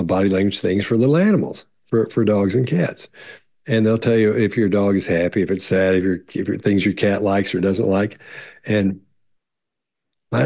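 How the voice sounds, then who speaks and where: Middle-aged guy answering questions, kinda husky and low, rambles and repeats himself a lot. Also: a little mellow. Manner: rambling, repeats words, many restarts and fillers; acts out quoted voices in higher pitch. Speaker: behavior analyst answering viewer questions. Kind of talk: casual explanatory talk.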